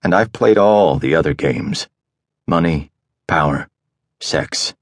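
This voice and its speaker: Man doing a super rich guy, very low voice, quiet and commanding. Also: takes it slowly, dry recording, studio quality, heavily acted. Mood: calm, arrogant. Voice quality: quiet, soft-spoken.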